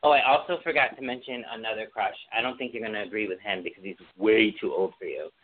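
A man's voice: on the low side, fast, slight background noise. A man co-hosting a podcast in casual chat, gushing and chatty with lots of fillers. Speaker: podcast co-host. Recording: dry, phone-like sound.

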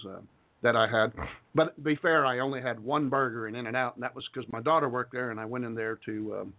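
A middle-aged man from Texas hosting an internet talk radio show in a rambling, folksy way, with chuckles and asides. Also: medium pitch. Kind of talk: casual talk radio monologue. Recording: phone-like internet radio audio.

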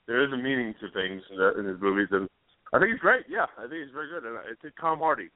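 This man talks fast in an animated, mid-range voice while co-hosting a radio show. His casual chat rambles, with plenty of hesitation and fillers. The recording is dry and phone-like, thin and tinny.

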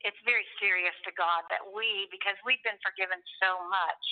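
A woman guest on a Christian talk show, explaining faith matters calmly. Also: mid-range voice, a little fast. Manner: calm, teaching, affirming. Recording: tinny phone-like sound.

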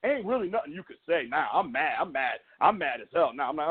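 A man's voice: a little high, very animated, quick pace, breathy edge. A middle-aged man, a podcast co-host, telling a story in casual chat with a passionate, emphatic manner. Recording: tinny phone-like sound.

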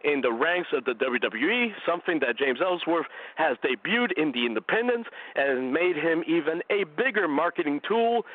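A man hosting a wrestling radio show alone, eagerly rambling through his opinions while a bit out of breath from a cold. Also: on the high side. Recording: tinny phone-like dry line.

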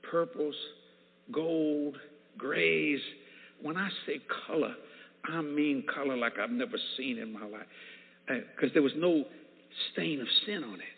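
Male preacher, lively swooping delivery, testimony, tinny sound with a long hall echo. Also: a little high. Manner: animated storyteller who acts out dialogue.

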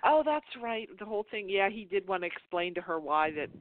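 The show host's medium-pitched voice is expressive and brisk as she chats casually about soap operas on internet radio. Her talk meanders with restarts and laughs, and the phone audio is tinny and dry, with no echo.

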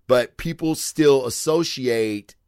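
A man's voice: medium pitch, slow pace, darkish tone, clean tone, no room sound, clean studio sound. A man casually reviewing comic books, cursing freely and rambling with lots of fillers. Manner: profane, chatty, rambling with fillers. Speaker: comic book show host.

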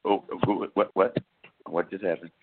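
A man's voice: low-pitched, level tone, normal speed, dry recording. A man hosting a casual talk radio show, joking and rambling playfully. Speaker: host. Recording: dry tinny phone line.

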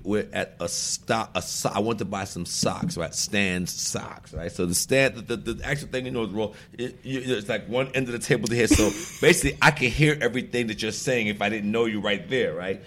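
A man telling stories as a podcast guest in a bar, animated, laughing often and swearing freely. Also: fairly low pitch. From Brooklyn, New York. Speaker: guest actor. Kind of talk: casual podcast storytelling.

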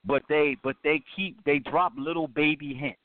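A man's voice: fairly high pitch, normal speed, dry recording. A man in his thirties, a podcast co-host, chatting casually and animatedly about wrestling in slangy talk. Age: 30s. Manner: slangy, animated, says man and bro a lot. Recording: phone-line audio, dry.

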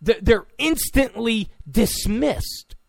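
A man's voice: extremely high pitch, expressive, slow, creaky, no echo, studio quality. A man delivering a political opinion monologue in an emphatic, repetitive, ranting way. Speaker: political commentator.

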